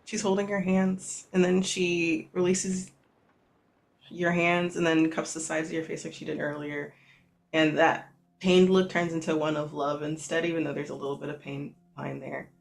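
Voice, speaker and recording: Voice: medium pitch, level tone, normal speed, creaky. A game master narrating a tabletop game in a loose, rambling way with many fillers.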